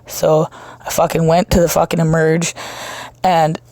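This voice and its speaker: A woman talks straight into a home podcast mic, her breath audible between phrases. Her voice has a gravelly, creaky edge, and the sound is dry, with no room echo. She rambles loosely, swears at nearly every turn and breaks into laughter. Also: deep voice, level tone, unhurried, darkish tone. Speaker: podcast host. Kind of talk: casual confessional monologue.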